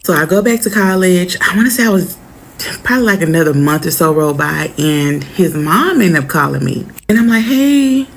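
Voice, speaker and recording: A woman telling a personal story in a casual, animated way, acting out the people she quotes. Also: fairly low pitch, moderate pace, gravelly, slight background noise.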